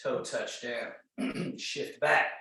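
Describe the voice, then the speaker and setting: A man leads a tai chi class and gives his cues slowly and calmly, often repeating the same short phrases. His voice carries a strong, roomy echo, and he sounds some distance from the microphone. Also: medium pitch. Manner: calm, slow, repetitive cueing. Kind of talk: guided exercise class instruction. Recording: very echoey room, mic far off.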